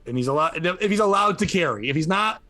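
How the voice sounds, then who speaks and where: A man's voice: on the high side, expressive, fast talker, bright, forceful tone, dry recording, soft background music. A man co-hosting a podcast, chatting casually in a blunt, teasing way. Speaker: podcast co-host.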